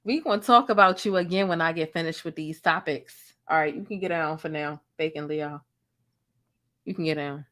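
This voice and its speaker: A woman's voice: low voice, moderate pace. Chatty woman talking straight to her viewers. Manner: chatty, animated, addresses viewers directly. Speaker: vlog host. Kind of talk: casual chat.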